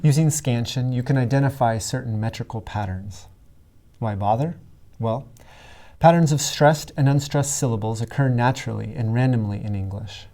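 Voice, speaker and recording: A male writing instructor narrates a scripted lesson with a mellow, relaxed tone at a middling pitch. He speaks clearly and deliberately and stresses his example words heavily.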